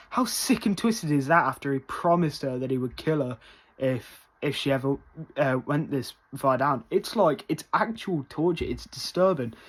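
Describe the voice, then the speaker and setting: Rambling excited man reviewing. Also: medium pitch. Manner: rambling, many fillers, gets loudly excited. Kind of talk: casual spoiler review.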